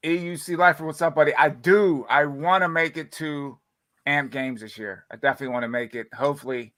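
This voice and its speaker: A man's voice: fairly high pitch, a little fast, pushed and bright. A man co-hosting a casual livestream, laid-back and joking, talking directly to viewers. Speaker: livestream co-host.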